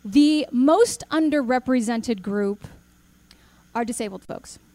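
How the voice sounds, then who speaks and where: A woman giving a talk to an audience, telling a personal story with lively acted-out dialogue and questions to the crowd. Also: a little high, slow, no room sound. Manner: animated storyteller, acts out quoted dialogue, asks the audience questions. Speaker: speaker.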